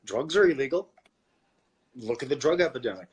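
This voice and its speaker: A husky, mid-range voice belongs to a Canadian podcast co-host ranting about politics with profanity and agitation, often repeating words. He's animated and brisk but pauses often, keeping it casual.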